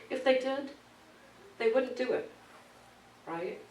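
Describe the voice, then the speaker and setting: Lively woman minister in an echoey church. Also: medium pitch, moderate pace, pauses often, slight background noise. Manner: animated storytelling, laughs often, acts out quoted voices. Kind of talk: conversational sermon with personal story. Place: church sanctuary. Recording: echoey room, mic at a distance.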